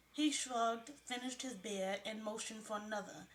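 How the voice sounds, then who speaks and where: A woman narrating a first-person mystery novel in a steady, measured way. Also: on the high side. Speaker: audiobook narrator. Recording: roomy, faintly noisy room.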